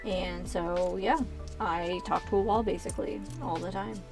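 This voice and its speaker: A woman's voice: on the low side, steady tone, moderate pace, gravelly, over music. Chatty woman in her thirties rambling. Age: 30s. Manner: chatty, rambling with many asides. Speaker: streamer. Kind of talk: casual chat while building Lego. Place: small converted walk-in closet.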